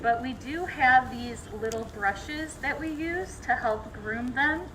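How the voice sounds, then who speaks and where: A woman's voice: high-pitched, slow pace, sharp tone, slight background noise, low-quality recording. A woman zookeeper giving a friendly live talk outdoors at an animal exhibit, explaining with frequent ums.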